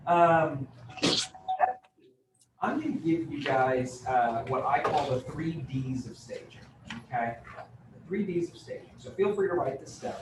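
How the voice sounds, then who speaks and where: A man's voice: medium pitch, expressive, a little slow. A man giving a live real estate training talk, conversational and joking, with many fillers. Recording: roomy, distant mic with room noise.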